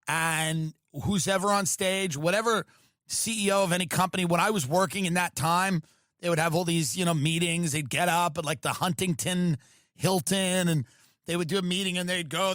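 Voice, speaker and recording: A male podcast host riffing through a profane, animated comedic rant. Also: high-pitched, moderate pace, dry recording, clean studio sound.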